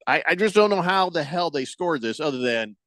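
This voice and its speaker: A man with a high, lively voice hosts sports talk radio, and his pitch swings widely as he rants. He reads out listener texts and breaks into exasperated mock quotes. The sound is dry and close, with no room echo. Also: a little fast.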